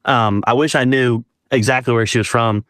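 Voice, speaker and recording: A man's voice: mid-range voice, moderate pace, no room sound, studio quality. A man telling a personal story as a guest, casually, acting out what people said. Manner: animated, acts out dialogue with quoted voices.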